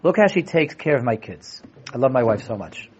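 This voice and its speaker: A young man teaching a lively Torah class, animated, often restarting his sentences and acting out quotes. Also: mid-range voice, a little fast, a little hiss or hum. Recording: dull lo-fi classroom recording.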